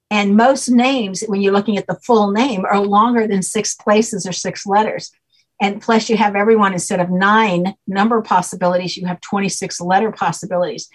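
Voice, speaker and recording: A woman with a husky, slightly breathy voice speaks at a mid pitch. She explains patiently and step by step, pausing to check that her listener is following. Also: low-quality recording. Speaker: guest, name expert. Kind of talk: explanatory podcast interview.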